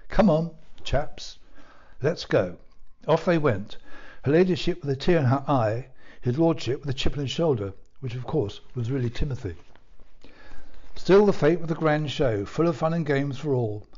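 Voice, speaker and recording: A man reads his own storybook aloud, measured and playful. His voice is mellow and dark, with a middle pitch, and the recording sounds dull and lo-fi. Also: animated. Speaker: author.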